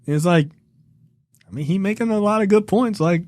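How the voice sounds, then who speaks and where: A man's voice: high voice, brisk, pauses often, darkish tone, no echo, studio quality. A man co-hosting a film review podcast in loose, profane casual chat, laughing and acting out lines from the show. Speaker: podcast co-host.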